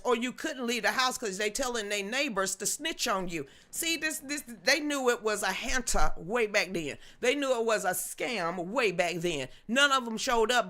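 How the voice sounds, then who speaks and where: A woman's voice: on the high side, bright, forceful tone. A woman hosting a live-streamed news commentary show, ranting bluntly with slang and mild cursing while answering chat comments.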